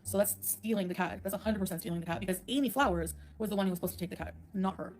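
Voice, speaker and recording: Fast, scornful woman ranting on a livestream. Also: mid-range voice, steady tone, darkish tone. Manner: scornful, blunt and sarcastic, laughing often. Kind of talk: casual livestream rant.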